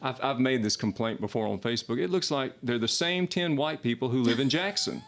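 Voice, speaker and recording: A man's voice: mid-range voice, expressive, fairly quick, fairly bright tone. A man from Mississippi hosting a podcast, talking casually and frankly, giving opinions and asking direct questions on a studio mic. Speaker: podcast host. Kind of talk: casual interview talk.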